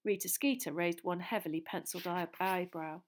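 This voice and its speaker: A woman narrating a storybook in steady audiobook style. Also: on the low side, a little fast.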